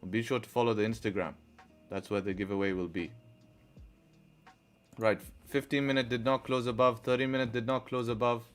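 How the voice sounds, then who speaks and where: A man's voice: mid-range voice, fairly even intonation, brisk, pauses often, soft background music. A man livestreaming his trading, thinking aloud, answering chat and groaning when trades go against him. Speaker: trading live-streamer. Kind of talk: casual live-stream commentary.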